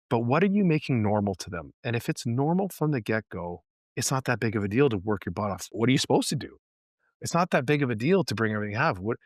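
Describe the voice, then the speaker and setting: A man's voice: medium pitch, dry recording. Earnest middle-aged man, dry close sound. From Canada. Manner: earnest, emphatic, repeats words while thinking. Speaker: guest, high school football coach. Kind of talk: podcast interview, casual storytelling.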